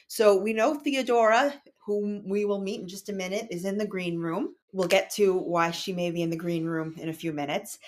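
A young woman hosting a book podcast, explaining a story and leading the chat in a relaxed way. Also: on the low side. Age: young adult. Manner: chatty, explanatory. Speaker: podcast host. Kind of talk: casual book discussion.

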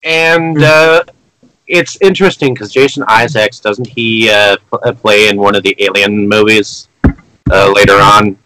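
A man on a casual podcast recapping a film plot, halting, with many fillers and restarts. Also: on the low side, fairly even intonation, pushed and bright, a little hiss or hum, low-quality recording. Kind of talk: casual chat.

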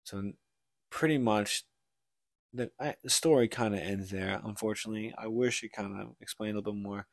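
A man's voice: lowish voice, fairly even intonation, moderate pace, gravelly, no echo, studio quality. A man co-hosting a casual book podcast, rambling through a story retelling with lots of "like" and restarts. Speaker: podcast co-host.

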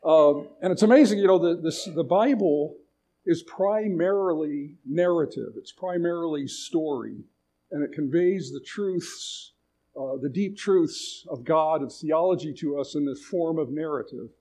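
A man's voice: a little high, a little slow, mellow. A man giving a sermon at a retreat, retelling a story in a conversational way with frequent restarts. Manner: conversational, restarts phrases, paraphrases a story aloud. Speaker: retreat speaker.

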